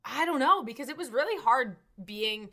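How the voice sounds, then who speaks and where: A woman co-hosting a casual podcast, playful, giddy and quick to laugh. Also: high-pitched, lively intonation, sharp tone. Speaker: podcast co-host.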